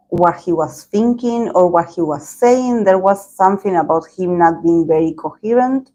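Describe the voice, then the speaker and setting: Slow, meandering woman tarot reader. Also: fairly low pitch, a little mellow, poor audio. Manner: meandering, hedging talk with many pauses. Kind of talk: tarot reading video.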